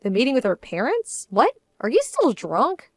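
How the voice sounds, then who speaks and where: An actress playing a young bride-to-be who answers her fiancé in a firm, measured, indignant way. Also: a little high, wildly swooping pitch, no room sound, studio quality. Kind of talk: dramatized story voice acting.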